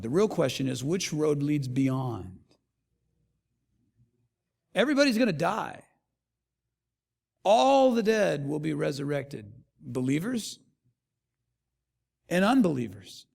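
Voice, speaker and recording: A man preaching a sermon as pastor, an animated storyteller who acts out the voices of the people in his stories. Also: fairly high pitch, unhurried, creaky, pauses often, husky, big-room sound. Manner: animated storyteller acting out quotes.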